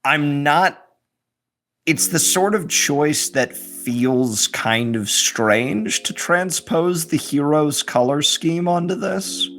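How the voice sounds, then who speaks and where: Guy talking movies really slowly, stops to find the right words, faint music behind him. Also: medium pitch, a bit bright. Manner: slow, deliberate and searching for words. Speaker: guest film reviewer. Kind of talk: casual film review chat.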